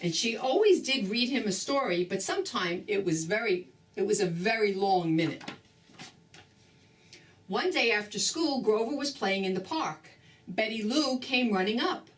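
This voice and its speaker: An older woman from New Jersey reading a children's book aloud in a slow, expressive grandmotherly way. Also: mid-range voice, recorded from a distance. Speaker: storybook reader.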